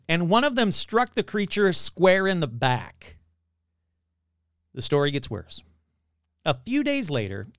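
A man's voice: a little high, a bit bright, clean tone, no echo, clean studio sound. A man hosting a podcast, retelling an old story in a casual, sarcastic and profane way. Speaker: podcast host.

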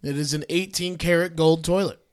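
A man's voice: fairly high pitch, fairly even intonation, a little fast, slight background noise. A man hosting a casual podcast chat, reading from his outline with stumbles and swearing. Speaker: podcast host telling a story.

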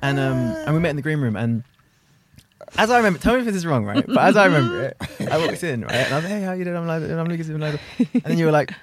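A man's voice: a little high, very animated, quick pace. A man actor telling a story with eager energy in casual chat. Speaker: actor guest.

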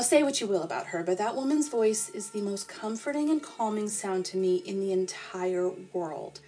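A woman narrating a playful, deadpan comic sleep story in the first person. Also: mid-range voice. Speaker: podcast storyteller.

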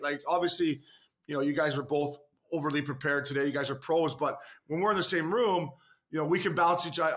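A man's voice: a little high, fairly bright tone. A man, a former pro hockey player, chatting as a podcast guest, with many restarts and loose swearing, calling the hosts boys and fella. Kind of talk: casual podcast chat.

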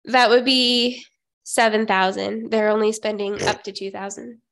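A woman's voice: medium pitch, flat delivery, a little slow, a bit bright. A young woman co-hosting a podcast, chatting casually and with a snarky edge, often laughing and trailing off mid-sentence. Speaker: podcast co-host.

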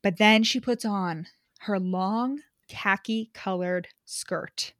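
A woman's voice: mid-range voice, slow pace, fairly bright tone, no room sound, clean studio sound. A woman co-hosting a podcast book recap, chatting casually, swearing freely and saying "like" a lot. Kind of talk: casual chat.

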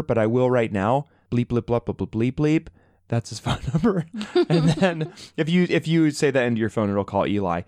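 A man's voice: medium pitch, darkish tone, no echo, studio quality. A man co-hosting a podcast in casual chat, playful and jokey as he tells a story. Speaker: podcast co-host.

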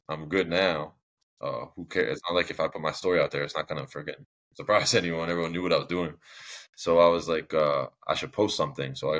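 A man's voice: rumbling low, a bit bright. A young man telling his own story as a podcast guest, candid and rambling, with many restarts and fillers.

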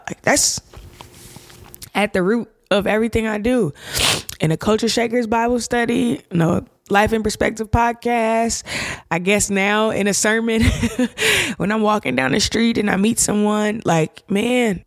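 A woman's voice: fairly high pitch, a little slow, no echo, clean studio sound. A woman hosting a faith podcast, talking casually and from the heart with slang, and tearing up as she speaks. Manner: casual and heartfelt, slang-filled, gets emotional. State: tearful. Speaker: podcast host.

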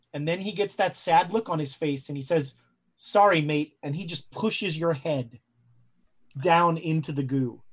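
A woman narrating a horror tabletop game as game master, slow and dramatic, with halting fillers as she searches for words. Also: medium pitch, darkish tone, slightly rough.

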